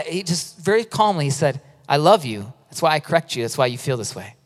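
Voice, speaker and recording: A male pastor preaching a sermon in a lively, conversational way, with humorous personal stories. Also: a little high. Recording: long reverb of a large hall.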